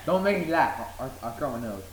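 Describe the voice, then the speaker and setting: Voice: mid-range voice, big pitch swings, quick pace, a loud crowd. A co-host in casual chat who giggles, teases and swears freely. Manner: giggly, swears a lot, teasing. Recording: echoey room with faint noise.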